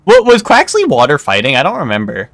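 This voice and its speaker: A man's voice: mid-range voice, wildly swooping pitch, fairly quick. A man streaming a game, chatting casually with lots of fillers and restarts. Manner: rambling, hesitant, lots of fillers. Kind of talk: casual chat while gaming.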